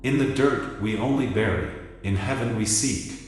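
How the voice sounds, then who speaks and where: A man's voice: lowish voice, normal speed, lightly acted. A man voicing a fierce, proud Greek warlord who talks bluntly and angrily, in a dramatic reading in an echoey hall. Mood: fervent. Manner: angry, blunt, demanding. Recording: echoey hall with music behind.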